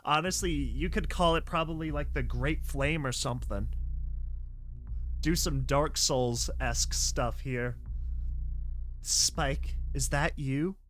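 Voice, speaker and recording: A man reacting to a horror comic slideshow, excitable, with frequent gasps and mild swearing. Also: a little high. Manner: excitable, swears mildly, laughs and gasps often. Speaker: online reaction host.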